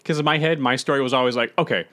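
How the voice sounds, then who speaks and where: Young podcast cohost guy, bright voice, wry and self-deprecating, lots of yeah yeah. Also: mid-range voice, steady tone. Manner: quick agreeing interjections, wry self-deprecating. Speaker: podcast co-host. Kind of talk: casual chat, storytelling.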